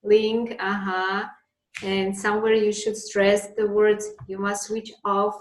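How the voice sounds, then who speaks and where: A woman's voice: mid-range voice, level tone, slow pace, echoey room, rough recording. A woman teaching an English lesson, patiently explaining with examples.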